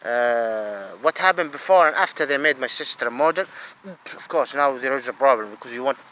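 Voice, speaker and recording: A man tells a personal grievance, halting and repeating words with many fillers. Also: mid-range voice, bright, forceful tone, lo-fi sound. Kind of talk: personal complaint to camera.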